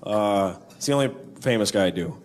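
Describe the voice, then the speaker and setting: A man's voice: fairly low pitch, animated, fairly quick. A man performing a stand-up set with offbeat observational jokes and impressions. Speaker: stand-up comedian. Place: comedy club stage. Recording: noisy club with loud audience.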